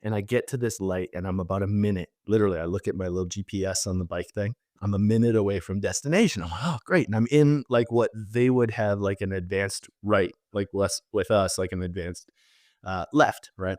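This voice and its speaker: A man from Canada, a podcast guest vividly telling a personal story in an animated way, full of fillers. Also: low voice, a little fast, no echo, clean studio sound.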